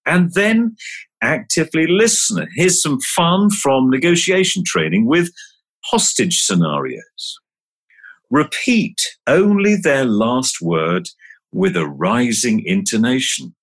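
Husky man coaching in lively tones. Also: medium pitch. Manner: slow, emphatic, coaching delivery. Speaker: podcast guest, communication trainer. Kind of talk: podcast interview with guided hypnosis.

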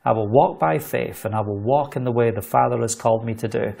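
A man's voice: medium pitch, a little fast, vocal fry. A middle-aged man from the United Kingdom preaching a sermon, telling a story and acting out the voices of the people in it. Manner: animated, acts out quoted voices in storytelling.

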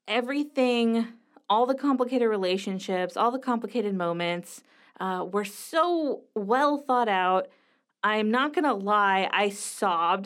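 Chatty enthusiastic mom reviewing a movie. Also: female voice, medium pitch. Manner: chatty, enthusiastic, with frequent fillers. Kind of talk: casual movie review chat.

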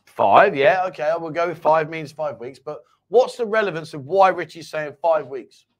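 A man's voice: fairly high pitch, lively intonation, moderate pace. A man hosting a casual live-stream chat show, teasing his co-host and reading viewer comments aloud.

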